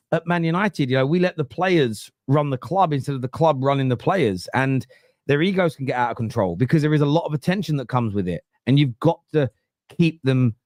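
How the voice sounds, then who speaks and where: A man's voice: a little high, dry recording. East London man, 30s, football pod host, London accent, blunt swearing storyteller, dry close sound. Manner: animated storyteller, swears freely, acts out quotes. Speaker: podcast host. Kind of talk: casual football podcast chat.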